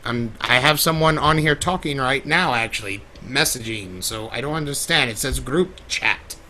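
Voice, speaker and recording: In this improvised in-character Q&A stream, a man performs Discord, a theatrical, vain chaos spirit given to drawling, calling people darling, and lamenting with melodramatic sighs. His voice is mid-range at a normal speed, sharp in tone with a little hiss or hum. He sounds fussy and bewildered.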